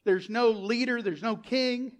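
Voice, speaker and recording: Animated male preacher. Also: extremely high pitch, measured pace. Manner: animated preaching, loud bursts and acted-out quotes. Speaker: pastor. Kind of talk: sermon.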